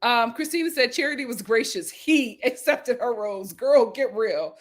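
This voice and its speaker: Higher-voiced woman recapping reality TV. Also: lively intonation, normal speed. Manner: emphatic, repeats lines for effect. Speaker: reality show recap host. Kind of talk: casual commentary reading viewer comments.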